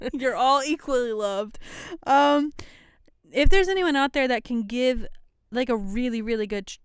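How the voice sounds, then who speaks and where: A woman's voice: a little high, expressive, a little slow, clean tone, dry recording, studio quality. A young woman co-hosting a podcast in casual chat, giggling and laughing often. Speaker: podcast co-host.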